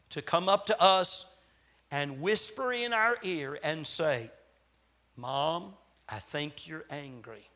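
High, bright-voiced impassioned male preacher. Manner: impassioned, swings between loud appeals and hushed quoted asides. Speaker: traveling preacher. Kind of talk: sermon.

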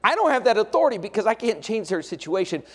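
A middle-aged man with a notably high-pitched voice preaches a sermon. He moves between soft, intimate passages and raised, emphatic declarations. Along the way he drops in dry, folksy asides. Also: very animated, fast, husky. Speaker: pastor.

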